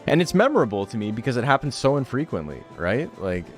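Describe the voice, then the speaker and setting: A man's voice: medium pitch, big pitch swings, fast, faint music behind. A young man streaming a game, ranting sarcastically in casual chat, swearing and laughing often.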